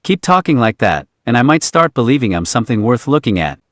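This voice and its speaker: A man's voice: medium pitch, very animated, fairly quick, fairly bright tone, no echo, studio quality. A man voicing an earnest, emotional young lover. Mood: tender. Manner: emotional, earnest, swears often.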